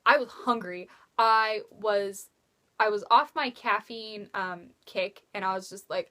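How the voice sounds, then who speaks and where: A young woman telling a rambling story in a casual vlog, swearing freely and acting out quotes with sudden jumps in pitch. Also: animated, normal speed, bright, forceful tone. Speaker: vlogger.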